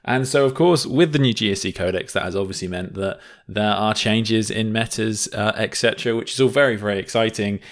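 Low-voiced man steering a podcast. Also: fairly quick, few pauses. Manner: steady, leads topics, relaxed fillers. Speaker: podcast host. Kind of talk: casual chat.

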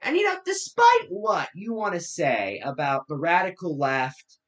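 A woman's voice: fairly low pitch, big pitch swings, a little slow. A woman giving casual political commentary in a blunt, sarcastic way.

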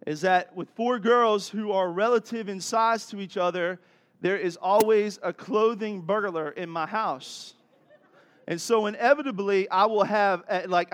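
Animated high-voiced male preacher. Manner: laughs often, conversational. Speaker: pastor. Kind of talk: sermon.

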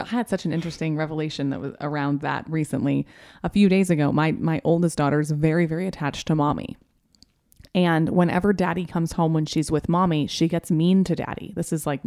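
A woman's voice: sits low, steady tone, fairly quick, a little mellow. A woman hosting a casual talk, a mother, who affirms her guest often and shares her own stories. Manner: affirming, frequent backchannels. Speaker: host, mother. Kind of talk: casual conversation.

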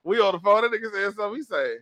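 A man telling a story on a podcast in casual chat, animated, profane and laughing often. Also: sits high, racing, dry recording. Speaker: podcast co-host.

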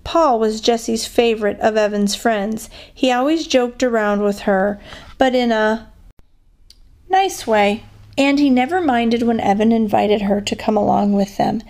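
A woman's voice: on the high side, measured pace, a little mellow. A woman reading a children's chapter book aloud as a guest reader, lifting her voice for the characters' lines.

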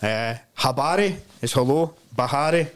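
A Scottish man chats casually on a podcast, swearing freely as he tells stories and acts out the voices of people he met. His voice sits at an ordinary middle pitch for a man. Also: normal speed, clean tone. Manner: animated storyteller, swears freely, mimics voices in quotes. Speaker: podcast guest. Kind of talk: casual chat.

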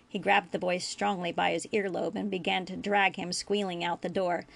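Woman, audiobook reader, gravelly voice, steady storytelling. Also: on the low side, moderate pace, hardly any pauses. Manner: steady storytelling, small slips and restarts. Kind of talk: reading fan fiction aloud.

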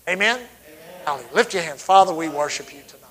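A middle-aged man delivers a sermon, telling stories from the pulpit with fervor. His voice sits somewhat high for a man. He swings from loud, surging lines to quiet asides. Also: expressive, rapid-fire, low-quality recording. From Texas. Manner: fervent storytelling with sudden loud swells and drops. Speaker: preacher.

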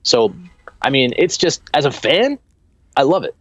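A man co-hosting a casual football podcast, talking in an animated, rambling way with many restarts. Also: mid-range voice, measured pace, husky, no room sound. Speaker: podcast co-host.

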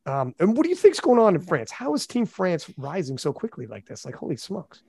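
A man hosting a casual podcast chat, animated and quick with asides. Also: sits high, gravelly, husky, no echo. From Canada. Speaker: podcast host.

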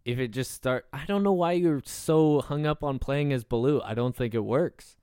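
A man talks on a casual podcast, pushing back and laying out his ideas in an easygoing back-and-forth. His voice is smooth and mid-pitched, recorded close and dry. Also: normal speed, warm tone, no room sound. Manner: argumentative, pushes back and explains. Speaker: podcast co-host. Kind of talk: casual chat.

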